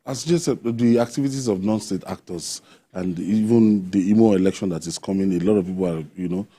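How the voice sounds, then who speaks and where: A man hosting a television panel, measured as he steers the discussion. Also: deep voice, warm tone. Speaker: show host. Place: television studio.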